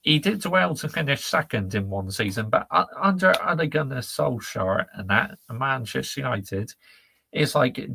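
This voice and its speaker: A gravelly, husky man, talking bluntly and reacting to chat on a live stream. His voice is close and dry, with no room sound, and his pitch sits in the middle. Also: expressive, moderate pace, pushed and bright, dry recording. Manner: ranting, blunt, laddish slang. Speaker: football channel host reading live chat.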